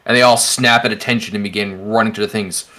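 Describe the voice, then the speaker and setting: A man running a tabletop game on a livestream, his voice bright and forward. He narrates the scene loosely and casually, packing it with fillers as he goes. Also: fairly low pitch, steady tone, fast. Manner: descriptive, with many fillers like "like". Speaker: game master.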